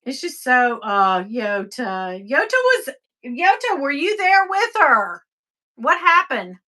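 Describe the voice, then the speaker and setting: A middle-aged woman hosting a casual livestream, chatting and reading viewer comments. She moves between soft, sighing passages and sudden excited high bursts. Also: slow. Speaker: livestream host.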